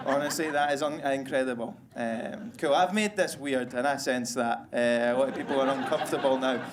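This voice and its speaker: A man's voice: medium pitch, brisk, hardly any pauses, noisy background. A Scottish man doing a crude, self-deprecating stand-up comedy set on stage, with the audience laughing behind him. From Scotland. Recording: live room with crowd ambience.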